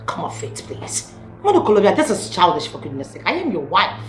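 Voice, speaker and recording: A defiant Nigerian wife, taunting and dismissive, wildly varied pitch, roomy echo. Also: female voice, huge pitch swings, a little fast. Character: brash defiant wife, adult, provocative. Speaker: estranged wife. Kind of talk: Nollywood film acting. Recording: echoey room with music behind.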